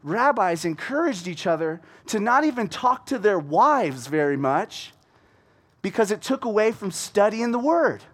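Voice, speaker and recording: A man with a fairly high voice delivers a casual, conversational sermon at a measured pace. He's animated, frequently restarts sentences, and acts out the characters in his story as he goes.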